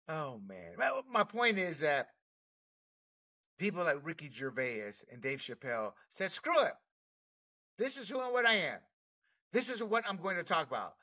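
A high, very bright man rants bluntly, laughing between points and stumbling over restarts. He sits back from the mic. The sound is muffled. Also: recorded from a distance. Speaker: podcast host. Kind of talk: opinionated commentary.

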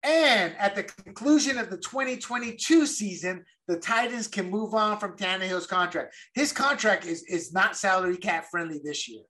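A man's voice: high-pitched, lively intonation, normal speed, few pauses, pushed and bright. A man co-hosting a podcast, chatting casually and emphatically about football and repeating words as he goes. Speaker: podcast co-host. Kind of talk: casual sports chat.

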